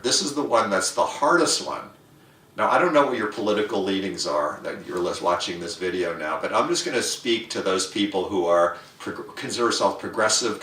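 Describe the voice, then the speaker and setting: Brief: man, lowish pitch, forceful bright tone, playful comic rant, recorded from a distance in an echoey room. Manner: playful, acts out inner voices in a higher pitch. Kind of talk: humorous rant to camera. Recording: roomy echo, mic at a distance.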